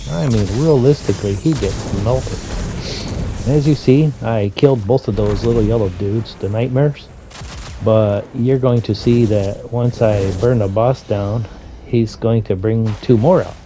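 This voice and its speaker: A man's voice: lowish voice, unhurried, mellow, faint music behind. A man giving casual, rambling commentary over video game footage, full of "you know" fillers and mild griping. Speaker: gameplay commentator.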